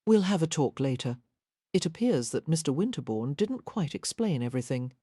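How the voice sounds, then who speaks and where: A pragmatic, caring young matron from a Victorian romance audiobook, as a woman narrator voices her. She talks frankly and practically in a lowish, mellow voice, recorded dry and close. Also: very animated, normal speed, husky, no echo, full character voice. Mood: reassuring.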